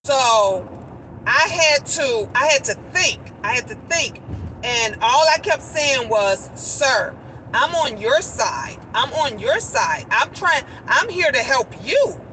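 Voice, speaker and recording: Woman vlogger, high and bright voice, animated storytelling, faint traffic noise behind. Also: slow pace, poor audio. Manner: animated storytelling, repeats phrases, quotes others. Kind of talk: casual storytime vlog.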